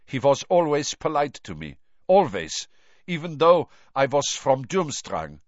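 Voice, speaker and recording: A man voicing a gruff, blunt young foreign male student who speaks abruptly. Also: mid-range voice, sing-song, a little slow, no echo, highs cut off, voice pushed up. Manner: abrupt, curt phrasing.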